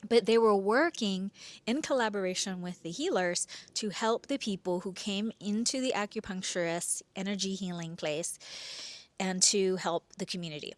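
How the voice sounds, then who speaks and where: A woman hosting and telling her own true story, expressive, dropping into hushed whispers and swinging between slow and quick delivery. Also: medium pitch, no room sound. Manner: pace swings between slow drawn-out and rushed. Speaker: podcast host telling a personal story. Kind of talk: first-person storytelling.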